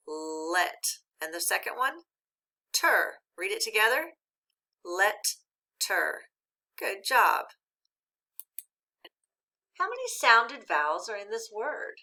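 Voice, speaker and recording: Bright-voiced woman teaching phonics slowly. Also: mid-range voice. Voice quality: clear, deliberate enunciation of syllables. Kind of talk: slow, patient phonics lesson.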